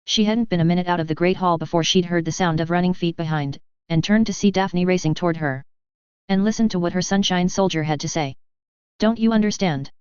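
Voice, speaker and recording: A woman narrating a fan story audiobook with steady, even storytelling. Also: fairly low pitch, fast talker, clear, resonant tone, no echo, highs cut off.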